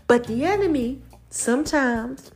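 A woman's voice: high voice, animated, a little slow, a little mellow, soft background music. A woman hosting a podcast, giving playful, preachy encouragement in casual slang. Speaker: podcast host. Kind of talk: casual motivational podcast talk.

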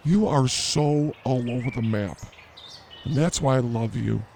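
A man's voice: medium pitch, unhurried, creaky, darkish tone, slight background noise. A man hosting an improvised comedy podcast outdoors at a zoo, teasing his co-host with mock outrage and rambling jokes.

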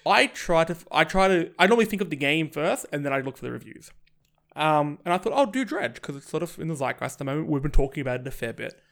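Aussie guy on a podcast, gravelly, kinda high voice, rambling and animated. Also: quick pace. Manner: chatty, animated, restarts phrases. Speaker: guest podcaster. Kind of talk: casual podcast chat.

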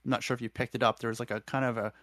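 Halting, thoughtful podcast man, dry sound. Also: mid-range voice, flat delivery, fairly bright tone, no echo. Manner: thoughtful, halting, many restarts. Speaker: podcast co-host. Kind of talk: casual recap chat.

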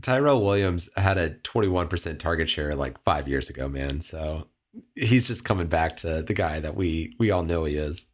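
A man's voice: extremely low pitch, expressive, moderate pace. A man co-hosting a podcast, chatting in a laid-back, joking way. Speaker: podcast co-host. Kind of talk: casual podcast chat.

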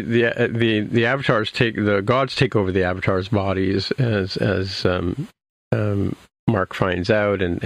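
A man's voice: lowish voice, dry recording. A man in casual chat, rambling through a recap with many restarts and fillers. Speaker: podcast co-host recapping a TV episode.

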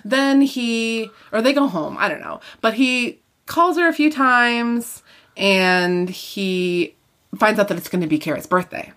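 A woman co-hosting a podcast, chatting casually about a book and retelling its plot in an animated, chatty way. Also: fairly high pitch, a little slow. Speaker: podcast co-host.

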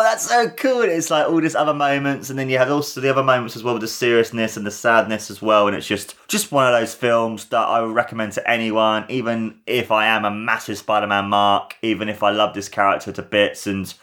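A low-pitched man talks through a film review on his podcast in a loose, unscripted monologue. He gushes with excitement and circles back over the same points again and again. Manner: enthusiastic, rambling, repeats words. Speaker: podcast host.

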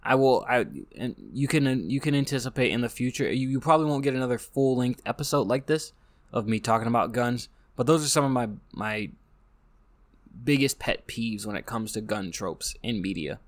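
A man's voice: mid-range voice, normal speed. An American man hosting a casual monologue, rambling and joking with frequent restarts. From United States. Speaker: podcast host.

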